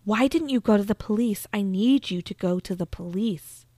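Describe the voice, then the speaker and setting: An insistent whispering spirit of a murdered woman, as a woman telling the story puts her on, pressing her demands in a hushed voice. The sound is close and dry. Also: mid-range voice, slow, dry recording. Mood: stern.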